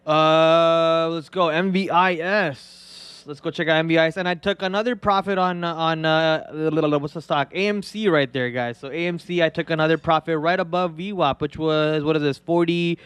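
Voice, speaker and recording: A man hosting a live stock trading show, talking in an excitable, rambling way with many restarts. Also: a little high, moderate pace, few pauses, clean tone, dry recording.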